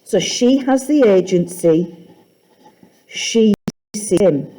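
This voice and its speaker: A woman teaching a poetry class, asking students questions and reading lines aloud slowly. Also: mid-range voice, expressive, warm tone.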